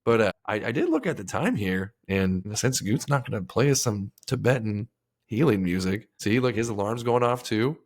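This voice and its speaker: Crude jokey podcast host. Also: male voice, fairly low pitch, animated, normal speed. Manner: crude, jokey, acts out quoted voices. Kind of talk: casual banter.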